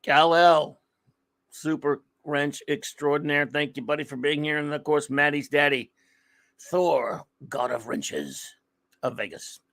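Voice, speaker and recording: Guy hosting a comics livestream, kinda high voice, dry close sound, chummy rambly shout-outs. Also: unhurried, vocal fry, dry recording. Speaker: podcast host. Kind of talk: casual live-stream chat.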